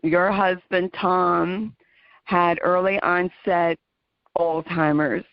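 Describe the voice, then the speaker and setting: A woman hosts a casual talk radio show in an earnest, emphatic voice, slowing to stress what matters. The sound is dry and close. It is a little muffled and lo-fi. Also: lowish voice, fairly even intonation, no echo. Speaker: podcast host. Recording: dull lo-fi dry audio.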